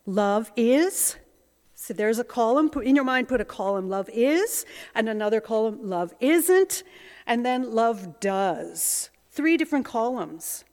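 A woman's voice: on the high side, lively intonation, measured pace, darkish tone. A woman preaching a sermon in a reflective, self-searching, conversational way. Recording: long hall reverb.

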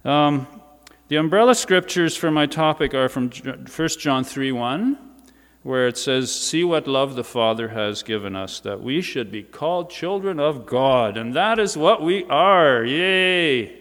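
A man's voice: medium pitch, lively intonation, measured pace. A man giving a sermon in a church, speaking in a conversational way with informal asides. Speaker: preacher. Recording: reverberant church hall.

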